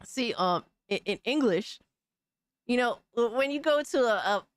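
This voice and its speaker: Picture a woman streamer riffing on gaming news for her chat, cursing freely and breaking into laughter between thoughts. Her voice sits a bit high and sounds close and dry, with no room around it. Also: animated, a little slow, dry recording. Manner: loose and profane, laughing often, calling people brother and dog. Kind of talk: casual live-stream chat reacting to news.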